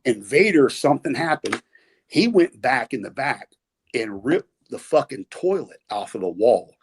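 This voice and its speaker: A man's voice: mid-range voice, sing-song, measured pace, a little hiss or hum. A middle-aged man with a Southern US accent, telling rambling stories as a podcast guest with many fillers and restarts. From American South. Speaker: podcast guest, former wrestler. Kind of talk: casual storytelling interview.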